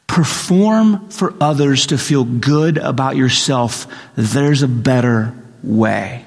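A man preaching a sermon as pastor, telling stories with animated acted-out voices. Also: medium pitch, slow pace. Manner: animated storytelling, acts out quoted voices. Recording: reverberant hall recording.

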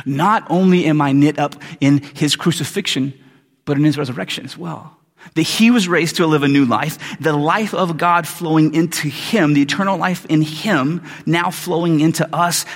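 A pastor delivers his sermon in a lively, chatty style, tossing in asides to the congregation. His voice is a touch high for a man and has a breathy, husky grain. It rings out with the long reverb of a big church hall. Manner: animated, conversational preaching with asides.

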